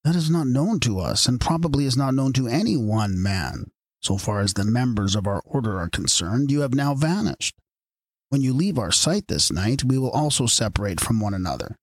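A man's voice: medium pitch, very animated, normal speed, no room sound. A man reading aloud as the solemn spokesman of a secret order, delivering formal pronouncements. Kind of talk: audiobook reading.

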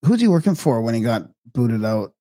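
A man's voice: medium pitch, very animated, brisk, dark tone. A man hosting a podcast and asking his guest questions in an easygoing, casual way. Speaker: podcast host. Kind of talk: casual interview chat.

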